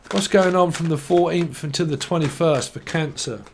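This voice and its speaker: A man's voice: fairly high pitch, normal speed, a little hiss or hum. A man giving a tarot reading, rambling stream-of-consciousness style, swearing freely and laughing at himself. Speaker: tarot reader.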